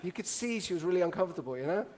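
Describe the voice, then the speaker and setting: A middle-aged man from Italy, telling jokey stories to a live audience in an animated way and asking the audience questions. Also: high-pitched, very fast, slight background noise. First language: Italian. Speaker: speaker. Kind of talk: storytelling talk to a live audience.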